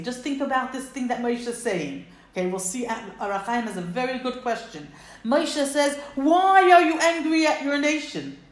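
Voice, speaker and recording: A woman teaching a Torah text, quoting Hebrew verses and explaining each in earnest detail. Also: mid-range voice. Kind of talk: text study lesson. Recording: echoey room.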